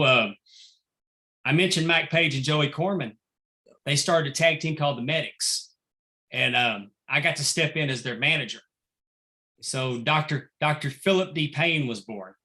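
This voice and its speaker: Man, referee guest, forceful bright tone, animated yarn-spinner. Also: a little high. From Texas. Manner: animated anecdotal storyteller, acts out quotes. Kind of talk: casual storytelling interview.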